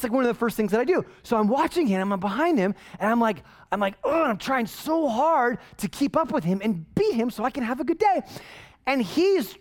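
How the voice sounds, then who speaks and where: A woman preaching a sermon in a casual, joking, self-deprecating way, telling stories from her own life. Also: high voice. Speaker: pastor. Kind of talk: conversational sermon.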